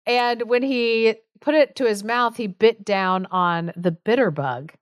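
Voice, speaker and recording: A chatty woman co-hosting a podcast, telling a folk tale with frequent giggles and casual fillers. Her voice sits at a middle pitch and sounds smooth and clear. The sound is dry and close. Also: a little slow, dry recording. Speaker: podcast co-host. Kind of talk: casual storytelling chat.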